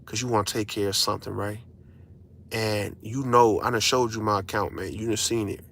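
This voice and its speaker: A man's voice: fairly low pitch, steady tone, brisk, vocal fry, fairly bright tone, a little hiss or hum. A father ranting to his audience in a casual monologue, blunt and profane, hammering his points with repeated phrases.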